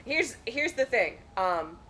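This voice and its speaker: A woman's voice: on the high side, very animated, slow pace, pushed and bright, slight background noise. A woman chatting casually during a charity game marathon, rambling through stories and often laughing as she acts out her dogs in playful voices. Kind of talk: casual chat over a game stream.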